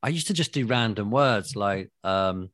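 A middle-aged man with a London accent, a guest telling TV stories in a lively way, laughing and swearing freely. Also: lowish voice, normal speed, dry recording, clean studio sound. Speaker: guest, former TV presenter. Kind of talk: casual reminiscing chat.

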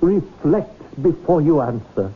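A man's voice: on the high side, animated, takes it slowly, slight background noise. An actor playing a pompous, theatrical man devoted to his whale, in a 1970s radio drama, grandly preaching his cause. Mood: grandiose. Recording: tinny lo-fi old radio broadcast.

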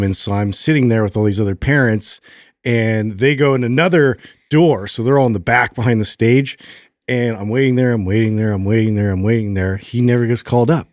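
A man co-hosting a podcast, telling a long story in a casual, rambling way with many fillers and animated retellings. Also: medium pitch, no echo, studio quality. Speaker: podcast co-host.

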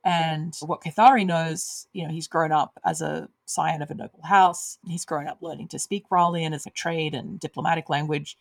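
Woman, low pitch, articulate and enthusiastic author guest, dry close sound. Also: fairly even intonation, normal speed, gravelly, hardly any pauses, no room sound. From Australia. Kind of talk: conversational interview.

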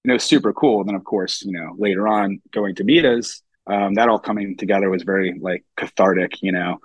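Casual low-voiced male chef telling stories. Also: fairly even intonation, fairly quick, dry recording, muffled recording. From United States. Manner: casual, full of fillers, acts out quoted voices. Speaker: chef, podcast guest. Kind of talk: casual storytelling interview.

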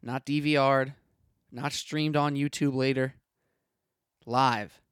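A man's voice: mid-range voice, fairly even intonation, slow, a bit bright, smooth, dry recording, studio quality. A young man hosting a solo sports podcast, ranting in a punchy, opinionated way with lots of rhetorical questions.

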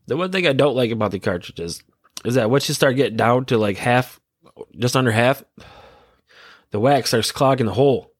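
A man's voice: medium pitch, animated, moderate pace, pauses often, no room sound, clean studio sound. A man in his thirties hosting a podcast, rambling casually in a laid-back, giggly, stoned way. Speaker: podcast host.

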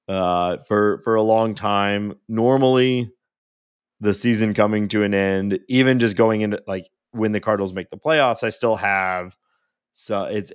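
A man's voice: fairly low pitch, clear, resonant tone, no room sound, studio quality. A man co-hosting a casual sports podcast, telling stories in a rambling, self-interrupting way and laughing easily. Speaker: podcast co-host. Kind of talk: casual chat.

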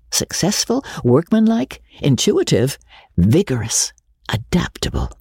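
A woman with a husky voice narrating a novel in a measured, expressive way. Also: extremely low pitch, no room sound, clean studio sound. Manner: measured, expressive literary reading. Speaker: audiobook narrator. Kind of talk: scripted narration.

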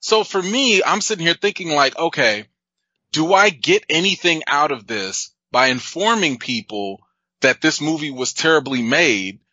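A man with a bright, forward voice leads a casual critics' panel, summing up his guests' points and teasing them. The sound is close and dry, with a slightly dull, lo-fi quality. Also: a little high, normal speed, no echo. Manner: relaxed, joking, summarizing. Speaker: panel host, film critic.

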